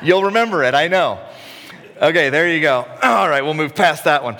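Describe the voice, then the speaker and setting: A man's voice: fairly high pitch, expressive, moderate pace, bright, forceful tone. Man, pastor, sermon, conversational, self-deprecating humor, long hall reverb. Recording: echoey hall.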